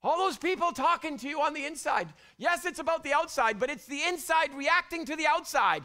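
A middle-aged male pastor delivers a sermon in a high, bright voice. He is animated, sinking to hushed whispers and climbing to loud bursts. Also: a little fast, hardly any pauses.

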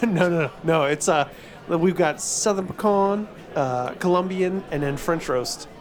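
Mid-pitched voice, casual chat, blunt, laughing, swearing. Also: a little slow, crowd noise.

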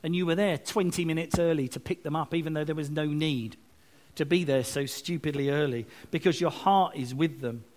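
A man giving a lively, chatty sermon with asides and self-mocking jokes. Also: a little high, a little fast. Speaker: preacher. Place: church service, streamed online.

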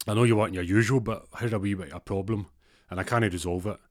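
Man playing a weary shopkeeper, apologetic and plain, low voice, dry sound. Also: steady tone, fast talker, no echo, lightly acted. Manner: apologetic, matter-of-fact. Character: weary, patient male corner-shop owner.

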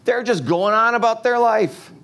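A man's voice: extremely high pitch, normal speed, a bit bright. A man preaching a sermon in a casual, joking way, asking the congregation lots of rhetorical questions. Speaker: pastor.

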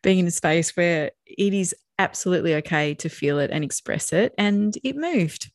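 This middle-aged woman, one of a podcast's co-hosts, talks warmly and reflectively about how she feels, laughing frequently in a casual chat. Her voice is on the low side, with lively intonation at a moderate pace. The sound is studio quality, free of room noise.

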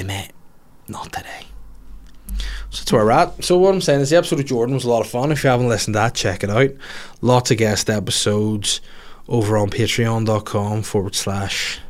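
A man hosting a podcast, chatting casually and joking irreverently as he reads out listener stories. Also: on the low side. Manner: joking, irreverent, swears freely. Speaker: podcast host.

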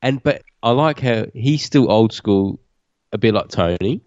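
A man's voice: on the low side, animated, unhurried, a little mellow, no room sound, lo-fi sound. A man co-hosting a podcast, chatting casually about a TV show, emphatic and profane. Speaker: podcast co-host.

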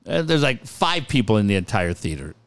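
A middle-aged male radio host with a voice on the low side talks fairly quickly. In casual talk-radio fashion, he tells profane stories animatedly and acts out the quotes.

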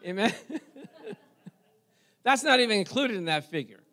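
High-voiced man preaching a story. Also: slow pace. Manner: storytelling, animated, talks to congregation. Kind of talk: sermon.

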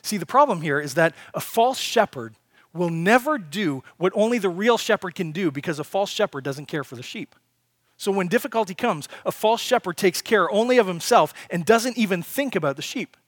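A man preaching a sermon to a congregation, emphatic, with rhetorical questions and swings between loud passages and hushed ones. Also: high voice, expressive, moderate pace, no room sound, clean studio sound. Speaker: pastor.

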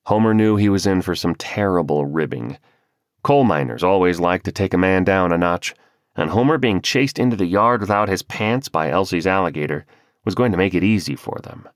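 A male audiobook narrator reading a novel in a measured, storytelling manner. His voice is deep and low, recorded dry and close with no room sound. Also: expressive, no room sound. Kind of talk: scripted narration.

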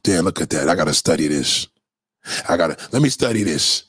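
A man's voice: deep voice, lively intonation, brisk, a bit bright, husky, no echo, clean studio sound. A man vlogging a heated, profane commentary rant with sing-song jabs. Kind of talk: ranting commentary video.

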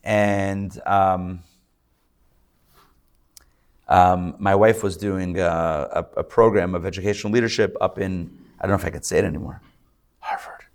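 A man's voice: deep voice, steady tone, a little slow, long pauses, clean tone. Chatty man teaching a live class. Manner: chatty, joking asides, many fillers and restarts. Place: live class before an audience.

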